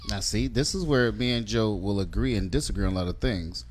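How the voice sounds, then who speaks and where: A man's voice: fairly low pitch, brisk, slight background noise. A man co-hosting a casual talk show, laid-back, joking and at times sarcastic. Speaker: co-host. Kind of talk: casual chat.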